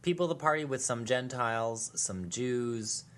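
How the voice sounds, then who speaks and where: A man's voice: mid-range voice, a little slow, a bit bright. A man narrating a home movie in a wry, dry-humored voice-over.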